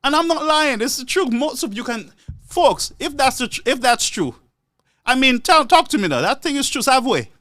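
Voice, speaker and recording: A man's voice: very high-pitched, normal speed, no room sound, studio quality. A man giving live political commentary, laughing often and repeating words for emphasis. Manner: animated, laughs often between phrases.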